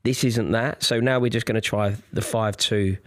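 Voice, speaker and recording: A man's voice: fairly low pitch, steady tone, normal speed, fairly bright tone, no echo, clean studio sound. A man in his thirties, a podcast co-host chatting casually with wry, self-deprecating humor. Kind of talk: casual chat.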